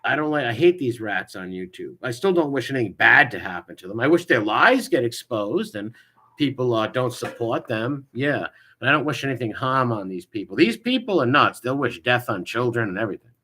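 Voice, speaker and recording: A man hosts a casual livestream, reacting to a clip with mocking remarks. His voice is bright and forceful, and he breaks off to greet viewers in the chat. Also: mid-range voice, very animated, a little fast.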